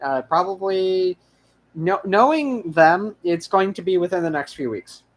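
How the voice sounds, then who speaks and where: A man's voice: high voice, animated, unhurried. A young man hosting a history channel, wrapping up an episode in rambling casual chat full of restarts and fillers. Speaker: channel host.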